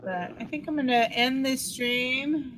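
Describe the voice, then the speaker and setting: A woman's voice: high-pitched, measured pace, fairly bright tone, rough recording. A woman hosting a livestream, chatting easily with her guest and reading out viewers' names. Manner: easygoing, reads out viewers' names. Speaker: stream host. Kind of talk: casual chat on a livestream. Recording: faint background noise.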